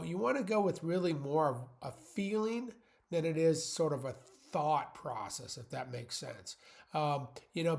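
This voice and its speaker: Male channel host, voice a touch high, in-your-face and unpolished, loose motivational monologue. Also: gravelly. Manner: blunt, plain-spoken; rambling, many fillers and restarts.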